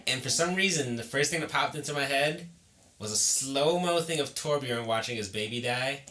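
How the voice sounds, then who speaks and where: A man's voice: medium pitch, normal speed, bright, forceful tone, roomy sound. A man co-hosting a gaming podcast as the game developer, chatting casually, joking around and swearing freely in a small home studio room. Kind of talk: casual chat.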